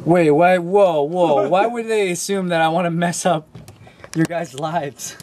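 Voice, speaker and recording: A young man answering fan questions in a relaxed, rambling way that is full of fillers. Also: fairly high pitch, a little slow, a little hiss or hum. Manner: laid-back, loose, full of "like" fillers. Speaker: dance crew member answering fan questions. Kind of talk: casual Q&A.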